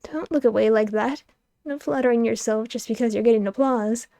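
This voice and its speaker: Woman doing a harsh scolding lady, stern, demanding, mellow tone, dry close sound. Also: a little high, fairly quick, creaky, no room sound.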